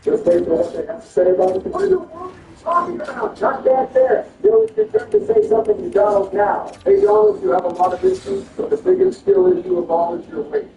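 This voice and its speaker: A man performing a comedic skit over gameplay, switching between a deep bossy voice and high whiny ones. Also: sing-song, fairly quick, creaky, hardly any pauses, background noise. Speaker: gaming video creator. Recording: roomy, distant, dull sound with faint music.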